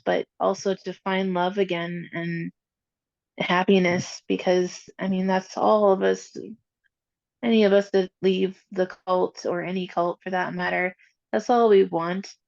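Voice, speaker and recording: A woman host responding to a guest with earnest, even affirmation. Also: mid-range voice, gravelly, no room sound. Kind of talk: supportive interview response. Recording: dull, dry lo-fi audio.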